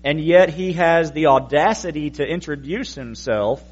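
Male pastor, fairly high voice, explaining scripture in an easygoing sermon; dull, lo-fi recording. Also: lively intonation, normal speed, few pauses. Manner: conversational teaching with wry asides to the congregation.

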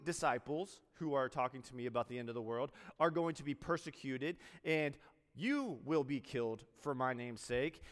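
A male military chaplain preaching in an easy, conversational way, often slipping into quoted dialogue. His voice sits a little higher than most men's. A long hall reverb trails behind him. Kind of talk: sermon.

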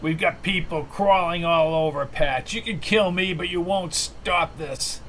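A man voicing a smirking, menacing government operative with a low, sneering, cold delivery. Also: measured pace, fairly bright tone, slight background noise, rough recording. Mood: snarling.

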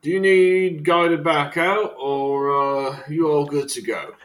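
A man putting on a loud, blunt prison guard near retirement, pitched high above his usual voice and booming. He sounds hearty and plain-spoken. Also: steady tone, takes it slowly. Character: gruff male prison guard Billings, nearing retirement.

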